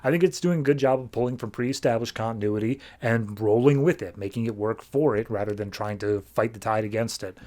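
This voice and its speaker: A young man hosting a podcast. He recaps comics in a loose, casual way, full of "like," and he sums up characters in quick asides. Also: lowish voice, dark tone. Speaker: podcast host reviewing comics.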